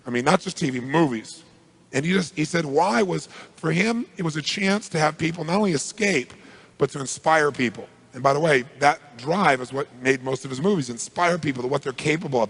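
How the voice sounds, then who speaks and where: Fast gravelly male motivational storyteller. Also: medium pitch. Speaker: motivational speaker. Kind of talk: storytelling talk to an audience.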